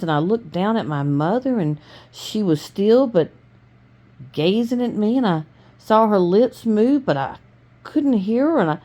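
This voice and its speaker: A woman reading a novel aloud at home in a dark room, with frequent restarts and self-corrections and little change of voice for the characters. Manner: low-key, mostly plain voice for the characters. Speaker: reader of a novel.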